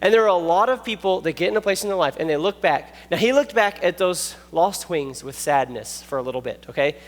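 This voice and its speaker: A man preaching a youth sermon, animated and jokey, telling stories and checking in with the listeners. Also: sits high, a little fast. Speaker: youth pastor. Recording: long echoey hall reverb.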